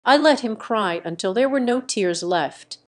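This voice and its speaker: A woman reading a dramatic first-person family story as scripted narration, in a steady reading manner. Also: a little high, measured pace.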